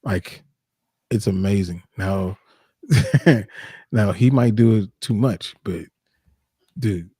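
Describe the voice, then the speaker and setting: A man's voice: on the low side, slow, long pauses, warm tone, slightly rough, no room sound, studio quality. A man co-hosting a casual live stream, laid-back and agreeable, often laughing along. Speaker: co-host.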